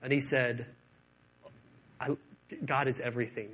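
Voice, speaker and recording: A man's voice: mid-range voice, unhurried, long pauses, breathy edge. A man preaching a sermon, telling stories with lots of ums and acting out the dialogue. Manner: animated storytelling with acted-out dialogue, many fillers. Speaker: pastor. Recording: dull lo-fi sound.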